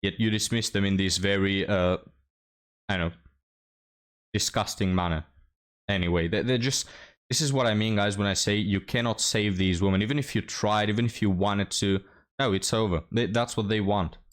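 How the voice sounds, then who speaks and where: A man's voice: fairly low pitch, steady tone, moderate pace. Scornful man mocking a clip. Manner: mocking, scornful, laughs often. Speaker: commentary host. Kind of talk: reaction commentary.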